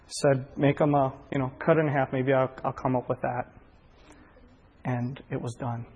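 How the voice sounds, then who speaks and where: A man's voice: medium pitch, flat delivery, normal speed, a little mellow, slightly rough, highs cut off. A man telling his personal testimony in an earnest, heartfelt way, often stumbling over repeated words, recorded in a large hall. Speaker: speaker giving a personal testimony. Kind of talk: sermon-like storytelling. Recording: long hall reverb.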